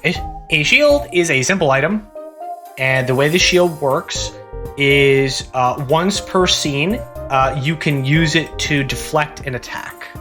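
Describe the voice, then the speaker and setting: A man running a tabletop game as game master, relaxed and laughing often, with many fillers. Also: a little high, measured pace, soft background music.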